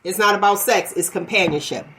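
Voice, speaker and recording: A woman host argues her point in a casual talk-show debate. She is emphatic and repeats phrases like a refrain to keep the floor. Her pitch sits in a middle register. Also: fairly quick, fairly bright tone, a little hiss or hum. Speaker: podcast host.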